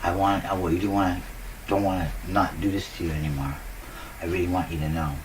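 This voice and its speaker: Giggly low-voiced man rambling. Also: steady tone, quick pace, recorded from a distance, background noise. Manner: giggly, upbeat, laughs often. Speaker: vlogger. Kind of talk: casual rambling monologue. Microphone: new cheap desk microphone.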